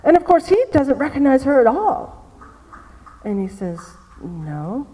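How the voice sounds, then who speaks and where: A woman with a high, mellow voice preaches a sermon, telling a story and repeating her key phrases. Her voice carries a long reverb from a large hall. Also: big pitch swings, measured pace, slight background noise.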